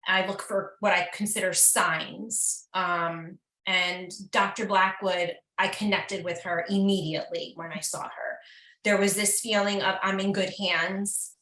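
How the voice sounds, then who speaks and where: Bright-voiced woman recalling her care. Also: mid-range voice, fairly even intonation, a little slow, reverberant, poor audio. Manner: earnest, reflective, frequent ums. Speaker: breast cancer survivor, patient. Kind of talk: heartfelt personal account.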